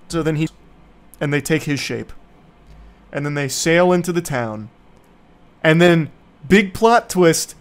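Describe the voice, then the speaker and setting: A young man giving casual, sarcastic movie commentary in a rambling, mocking way. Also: a little high. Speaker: YouTube commentator.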